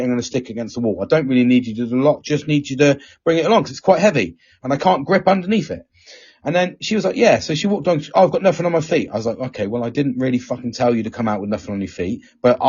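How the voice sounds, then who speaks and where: Male podcast host, husky, sweary storyteller, dull lo-fi sound. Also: mid-range voice, fast, a little mellow. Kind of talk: casual chat. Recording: dull lo-fi recording.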